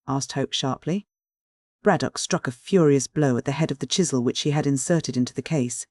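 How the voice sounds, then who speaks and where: A man narrating a classic mystery audiobook in a measured, clear reading. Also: medium pitch, darkish tone, no room sound, studio quality. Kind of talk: scripted literary narration.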